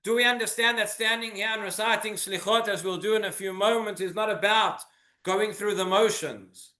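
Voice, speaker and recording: A man's voice: sits high, normal speed, sharp tone, echoey room. A man, a rabbi, giving an earnest sermon full of rhetorical questions in a synagogue.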